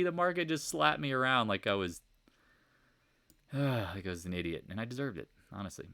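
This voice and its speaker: A man's voice: mid-range voice, animated, moderate pace, gravelly, sharp tone, no room sound, clean studio sound. A man giving a casual, rambling market recap over charts, exasperated and preachy, firing off rhetorical questions. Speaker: market commentator.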